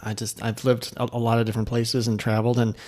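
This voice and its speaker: A man's voice: medium pitch, little pitch movement, fast talker, darkish tone. Middle-aged male podcast host, casual coaching tone, friendly sales-tips delivery. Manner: upbeat, coaching, full of fillers and asides.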